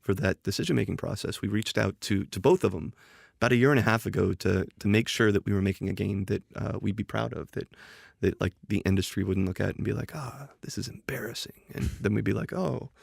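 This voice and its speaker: A guest on a podcast, a game designer, tells a lively story in casual chat, voicing the dialogue he quotes and frequently repeating words or starting over. He talks fast in a lowish, creaky voice with fairly even intonation, in a clean studio recording without echo.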